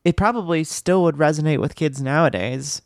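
A man's voice: on the high side, brisk, a little mellow, no echo, studio quality. A man chatting casually about a film as a podcast co-host, rambling with lots of fillers and restarts.

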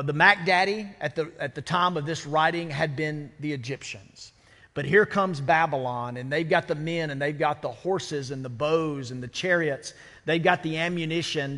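A man's voice: fairly high pitch, a bit bright. Preaching man in a reverberant sanctuary. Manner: conversational preaching with rhetorical questions. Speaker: pastor. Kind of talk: sermon. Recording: church sanctuary with long reverb.

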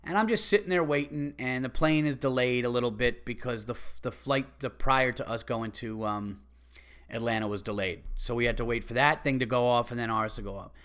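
Animated New man telling stories. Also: mid-range voice, fairly quick, smooth. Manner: animated, exasperated storyteller. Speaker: podcast host. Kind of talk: casual storytelling monologue.

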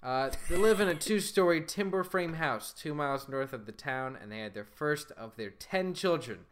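A man's voice: a little high, lively intonation, moderate pace, slight background noise. A young man co-hosting a podcast, telling a true story in casual chat and laughing often as he goes. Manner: laughs often while telling, puts on voices for quotes.

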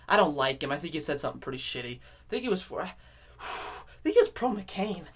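A man hosting a podcast alone, rambling casually with constant swearing and swings between loud outbursts and low mutters. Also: expressive, normal speed, heavy background noise. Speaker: podcast host. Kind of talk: casual rambling solo monologue.

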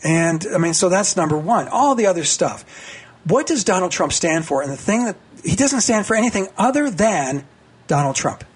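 Excitable husky man in his sixties. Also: normal speed. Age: 60s. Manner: excitable, voice climbing high, many restarts. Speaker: radio guest commentator. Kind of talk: casual political radio chat.

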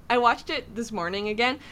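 A woman's voice: fairly high pitch, normal speed, pushed and bright. Chatty woman hosting a podcast. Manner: chatty, filler-heavy, enthusiastic. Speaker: podcast host. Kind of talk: casual podcast chat.

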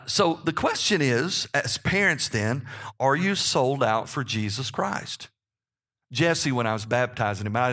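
A man's voice: mid-range voice, fairly bright tone. A man in his fifties delivers a sermon from a church pulpit. He preaches in a homely, conversational way, checking in with the congregation as he goes. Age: 50s. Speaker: pastor.

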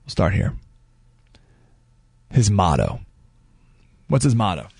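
A man's voice: low-pitched, huge pitch swings, slow, vocal fry, darkish tone, husky, dry recording, studio quality. A man hosting a talk radio show, giving emphatic commentary full of rhetorical questions.

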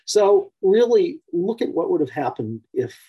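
A man's voice: sits high, sing-song, a little slow, husky, dull audio. A man teaching through a story in a loose, conversational way, with frequent fillers and asides. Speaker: teacher of a personality-type framework. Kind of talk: storytelling lecture.

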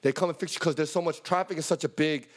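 A man from New York telling a story in casual, profane podcast chat, acting out the people in it in a high, animated voice. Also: fast talker. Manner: animated, swearing, acts out voices in a high pitch. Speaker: podcast co-host.

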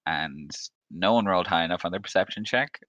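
A man running a tabletop game as game master, relaxed, laughing often and filling pauses with um. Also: low-pitched, no echo, dull audio.

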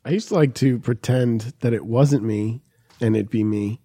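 Regular-pitched dude cussing through a podcast chat, dry sound. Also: male voice, normal speed, no room sound. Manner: profane, animated when mimicking people. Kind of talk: crude casual chat.

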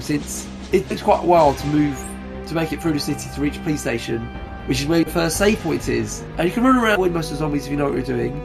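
Gravelly, higher-voiced man chatting on a podcast. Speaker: podcast co-host. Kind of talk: casual chat about video games.

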